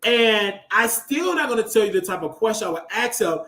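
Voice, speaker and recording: A man in his thirties hosting a casual commentary show, talking emotionally and bursting into loud exclamations. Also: high voice, lively intonation, fairly quick. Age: 30s. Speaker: show host.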